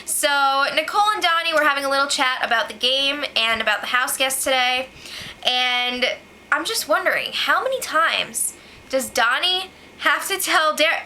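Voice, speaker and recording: A young woman with a high, sharp, bright voice recaps a reality show in a loose, chatty way. She keeps slipping in "like" and often turns sarcastic. Her tone stays casual throughout. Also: slight background noise, rough recording.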